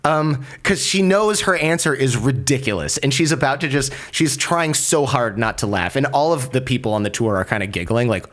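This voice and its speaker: A man's voice: medium pitch, animated, normal speed, few pauses, fairly bright tone. A man, a podcaster and lawyer, telling a story as a guest in an interview, acting out the people he quotes with sarcastic asides. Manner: acts out quoted voices, sarcastic, swears casually. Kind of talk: animated storytelling in conversation.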